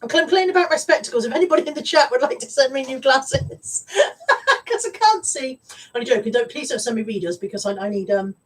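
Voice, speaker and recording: A woman's voice: high-pitched, quick pace, slightly rough, far from the mic, low-quality recording. A woman hosting a casual live stream, chatty and rambling as she greets viewers. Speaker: live-stream host and reseller.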